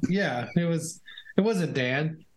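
A man co-hosting a casual podcast, laid-back and quick to laugh, mostly giving short agreeing replies. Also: a little high, expressive, crowd noise, poor audio. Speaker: podcast co-host. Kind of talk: casual chat.

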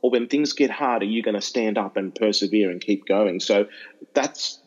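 A middle-aged Australian man, an educational speaker, telling stories in an interview, animated and restarting often. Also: on the low side, moderate pace, dull audio. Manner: animated, repeats and restarts, acts out voices in anecdotes. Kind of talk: storytelling interview chat.

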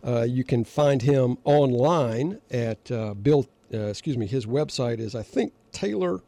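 An older man hosting call-in political talk radio, who gets worked up and pushes his voice higher on emphatic, repeated questions. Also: lively intonation, measured pace, warm tone, no room sound. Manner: gets fired up, pitch rising sharply on emphatic questions. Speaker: radio talk show host.

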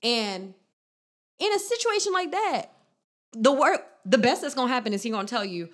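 A woman co-hosting a podcast, talking bluntly and cursing freely. Her voice sits a little high for a woman. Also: normal speed. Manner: blunt, profane, animated storytelling. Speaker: podcast co-host. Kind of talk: casual podcast chat.

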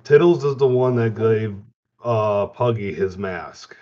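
A man co-hosting a casual podcast, telling relaxed, rambling anecdotes. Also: fairly low pitch, takes it slowly. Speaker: podcast co-host. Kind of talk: casual chat. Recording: dull lo-fi audio.

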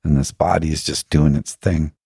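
Guest spot: deep-voiced, husky man, reflective spiritual storyteller, earnest with rhetorical questions. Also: fairly even intonation, normal speed, mellow, no room sound, studio quality. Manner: laughs now and then while telling stories. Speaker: podcast guest.

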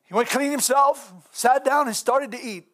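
High-voiced, fervent male preacher. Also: normal speed. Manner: impassioned, fervent exclamations, rising to shouts. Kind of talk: sermon.

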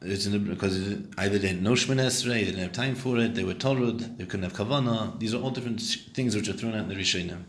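Man, lowish voice, Talmud teacher, explains and quizzes the class, echoey room. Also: quick pace, few pauses. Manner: explains and translates Hebrew and Aramaic terms, questions his students.

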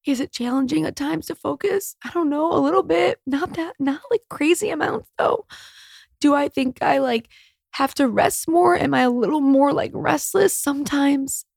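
A woman's voice: high-pitched, moderate pace, vocal fry, darkish tone, dry recording, studio quality. A woman in her thirties hosting a solo podcast, speaking in a raw, candid, emotional way and swearing freely. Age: 30s. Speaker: podcast host.

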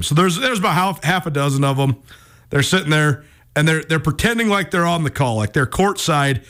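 A man in his thirties hosting a sports radio show, telling a story in a lively, self-mocking way with many restarts. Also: on the high side.

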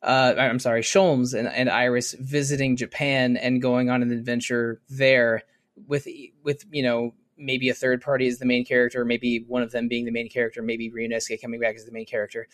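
A man's voice: mid-range voice, flat delivery, moderate pace, fairly bright tone. Thoughtful man in casual podcast chat. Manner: thoughtful, rambling, with many restarts and fillers. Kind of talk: casual podcast chat about a video game.

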